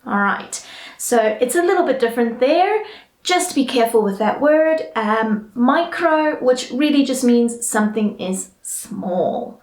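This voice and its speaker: A woman with a British English accent teaching English pronunciation in a chatty way, often checking in with "all right?" and slowly modelling each word. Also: a little high, expressive, reverberant. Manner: slow, careful model pronunciations. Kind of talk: online English lesson.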